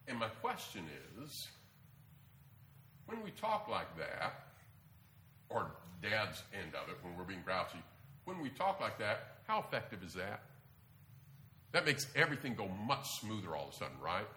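A man preaching a sermon to a congregation in a lively, animated way, often jumping up in pitch to press a point. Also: normal speed, pauses often. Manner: lively, animated delivery with sudden jumps in pitch.

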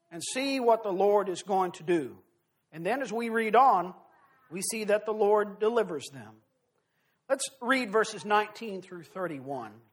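Brief: male preacher, very high-pitched voice, earnest and emphatic scripture reading. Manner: earnest, emphatic, slows and swells on key phrases.

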